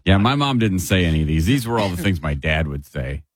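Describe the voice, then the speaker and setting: A man's voice: low voice, sing-song, brisk, no echo. A man co-hosting a casual studio chat, making dry, wry remarks. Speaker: co-host.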